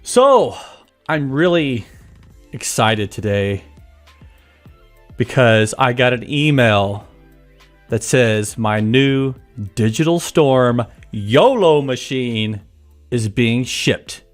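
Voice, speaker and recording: Lively, animated male stream host. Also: medium pitch, drawn-out words, long pauses, soft background music. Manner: chatty, jokey, greets viewers by name. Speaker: livestream host greeting chat. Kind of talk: casual live-stream chat. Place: home office.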